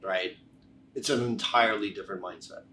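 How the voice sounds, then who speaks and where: A middle-aged man with a lowish voice tells stories in a relaxed, conversational way, often restarting his words as he gets going. He sits a little back from the microphone. A faint hum of background noise runs under his voice. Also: fairly quick, recorded from a distance. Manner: animated anecdotes, repeated word restarts. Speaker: chiropractor, podcast guest. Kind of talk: casual conversational storytelling.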